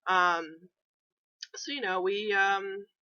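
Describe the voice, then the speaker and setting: A woman's voice: medium pitch, fairly even intonation, very slow, bright, forceful tone, clean tone, no room sound, highs cut off. Young woman rambling thru a road trip story, lots of ums, sarcastic, dry close sound. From New England, US. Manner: chatty, sarcastic, many fillers. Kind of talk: casual storytelling vlog.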